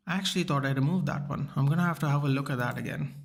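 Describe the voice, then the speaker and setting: A man's voice: fairly high pitch, racing, creaky. A man from Goa, a streamer chatting live and ranting in frustration while replying to his chat. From Goa, India. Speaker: watchalong streamer.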